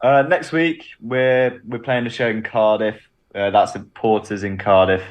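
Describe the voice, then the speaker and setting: A man's voice: fairly low pitch, steady tone, unhurried, dull audio. A man, a band's drummer, answering radio interview questions with many ums and restarts. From Bristol, England. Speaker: band drummer, interview guest.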